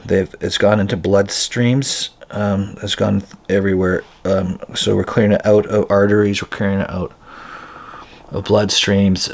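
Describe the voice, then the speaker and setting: In a lowish voice, a spiritual healer guides an energy-healing session, speaking slowly and with deliberate care. He says "um" often and repeats chanted phrases.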